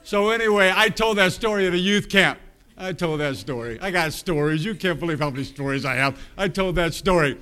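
Middle-aged male preacher, folksy storyteller, slightly high, smooth clear voice. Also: animated, fairly quick, pushed and bright. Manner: folksy, rambling anecdotes with self-amused laughter. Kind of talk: storytelling sermon.

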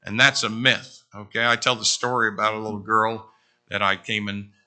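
Forceful, bright-voiced middle-aged preacher. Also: male voice, fairly low pitch, normal speed. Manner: conversational, animated storytelling with asides to the congregation. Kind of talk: sermon.

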